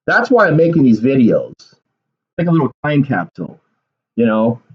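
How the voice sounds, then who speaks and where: A man's voice: mid-range voice, very animated, normal speed, dull audio. A man talking through casual political commentary in a rambling way, repeating words and leaning on fillers.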